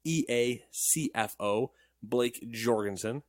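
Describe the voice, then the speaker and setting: A man's voice: medium pitch, no room sound, clean studio sound. A man co-hosting a gaming news show, reading headlines and joking around in casual banter. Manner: joking, animated, quick asides.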